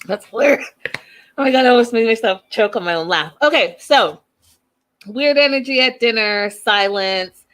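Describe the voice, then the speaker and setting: A woman's voice: fairly high pitch, lively intonation, measured pace, long pauses, a bit bright. A woman hosting a casual show recap, chatty and opinionated, who acts out the people she quotes in a raised voice. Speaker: host recapping a reality show.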